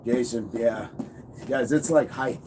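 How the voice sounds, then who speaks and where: A man's voice: medium pitch, slow. A man coaching fitness on a casual livestream, upbeat, reading and answering viewer comments. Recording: noisy background.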